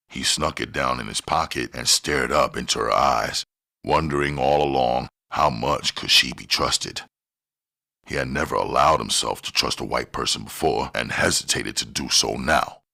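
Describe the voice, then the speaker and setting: A man narrating a crime novel audiobook in a steady, plain reading style. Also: extremely low pitch, gravelly. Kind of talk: scripted narration.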